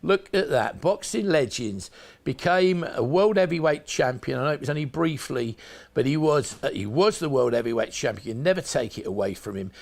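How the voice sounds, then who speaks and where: A man with a South London accent, presenting home shopping in a chatty sales pitch that speaks straight to viewers. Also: animated, moderate pace, creaky.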